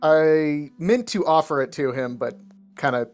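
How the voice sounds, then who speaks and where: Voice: mid-range voice, measured pace, soft background music. A player of a tabletop game, joking casually and laughing often. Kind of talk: casual chat while playing.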